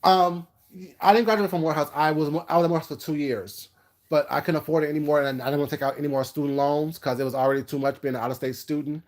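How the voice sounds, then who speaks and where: A man's voice: on the high side, fairly even intonation, quick pace. Rambling, sassy man telling stories. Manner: rambling, jumps between topics; brash, sassy and self-assured. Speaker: food vlogger. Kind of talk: casual storytelling to camera.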